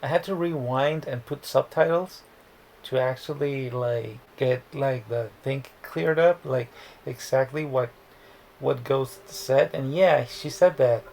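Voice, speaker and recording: A man's voice: mid-range voice, slow, vocal fry, a little mellow, a little hiss or hum, low-quality recording. A man casually recapping a movie plot in a rambling, profane way, often restarting words. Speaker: movie reviewer.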